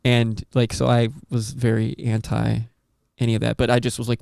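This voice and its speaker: A man hosting a podcast, telling a story in a rambling, animated way with lots of swearing and acted-out quotes. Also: mid-range voice, normal speed, creaky, clear, resonant tone, dry recording, studio quality. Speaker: podcast host. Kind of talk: casual storytelling chat.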